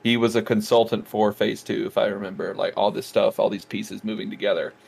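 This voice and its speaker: A man co-hosting a casual movie review podcast, retelling scenes with lively, excited outbursts. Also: lowish voice, a little fast, gravelly, husky. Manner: animated storytelling, acts out scenes with excited outbursts. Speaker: podcast co-host.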